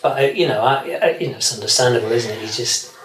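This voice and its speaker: A man's voice: mid-range voice, fast, a bit bright, roomy sound, a little hiss or hum, low-quality recording. A man, a session guitarist, chatting in an interview and rambling with many restarts. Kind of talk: casual interview chat.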